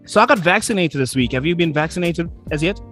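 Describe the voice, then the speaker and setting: A man's voice: on the high side, animated, fast talker, a bit bright. A man with a South African accent hosting a radio interview, upbeat and playful, speaking straight to listeners. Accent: South African English. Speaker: radio host. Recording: faint music behind.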